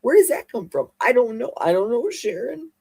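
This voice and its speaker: A woman's voice: a little high, big pitch swings, normal speed, a little mellow, slightly rough. A woman hosting a casual livestream, chatty and exclamatory as she reads viewer comments aloud. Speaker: livestream host. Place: home livestream.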